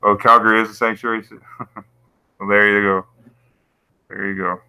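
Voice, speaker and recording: A YouTube channel host with a lowish, smooth, sharp voice talks at a moderate pace with little pitch movement. During a casual livestream he drifts through conspiratorial commentary, reading his chat and laughing at his own points often. The recording is dry and low quality.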